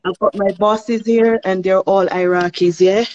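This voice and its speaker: A woman calling into a live stream, speaking calmly and reassuringly. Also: medium pitch, measured pace, muffled recording. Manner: calm, reassuring. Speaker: caller. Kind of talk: casual chat.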